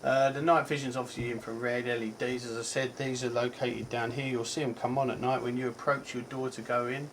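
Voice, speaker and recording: A man with a Cockney accent talks through a gadget review in a loose, chatty way, stopping for ums and correcting himself as he goes. His pitch sits mid-range for a man. A faint hiss of background noise runs under the recording. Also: little pitch movement, a little fast, hardly any pauses, a bit bright, low-quality recording. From England. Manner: rambling, chatty, self-correcting, frequent ums. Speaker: tech reviewer. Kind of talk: casual product review.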